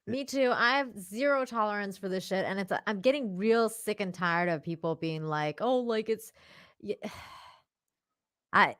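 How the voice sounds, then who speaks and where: A woman's voice: medium pitch, unhurried, a bit bright, no room sound, clean studio sound. A woman guest on a commentary show, talking bluntly and emphatically, with swearing. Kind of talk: casual commentary chat.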